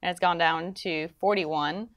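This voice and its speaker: A woman's voice: fairly low pitch, fairly even intonation, measured pace, no echo. Hesitant woman reading poll results. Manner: hesitant, uses many fillers. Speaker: live stream co-host. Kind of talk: casual live-stream chat.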